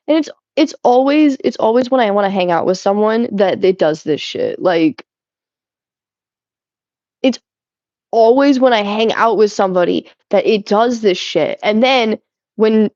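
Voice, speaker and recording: A young woman streaming, chatting casually with her chat and swearing a lot, animated and giggly. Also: mid-range voice, dry recording, dull audio. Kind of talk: casual chat reading chat while cleaning.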